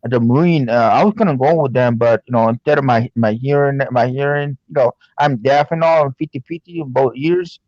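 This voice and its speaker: A man's voice: medium pitch, fairly quick, few pauses, a little mellow, no room sound. A man chatting casually as a guest, rambling and padding his talk with fillers. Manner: rambling, many fillers like "you know what I'm saying". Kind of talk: casual chat. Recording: dull muffled dry remote audio.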